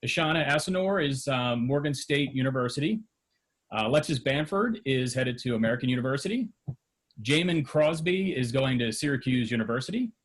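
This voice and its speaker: A man's voice: mid-range voice, expressive, brisk. Male, middle-aged, school media teacher; loose spoken remarks at a board meeting, lots of fillers. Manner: conversational, with frequent fillers and restarts. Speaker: high school TV program advisor.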